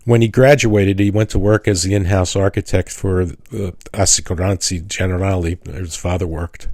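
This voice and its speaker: An older man giving a casual lecture as a retired architect, telling personal stories in a halting, rambling way with restarts. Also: low-pitched, steady tone, darkish tone. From New York City. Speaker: retired architect teaching a class.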